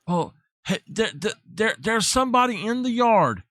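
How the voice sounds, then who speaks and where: A man mimicking a shrill panicked woman. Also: sing-song, normal speed, fairly bright tone, no room sound, studio quality. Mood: frantic. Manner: shrill, frantic, repeating herself. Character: panicked woman seeing a stranger in the yard.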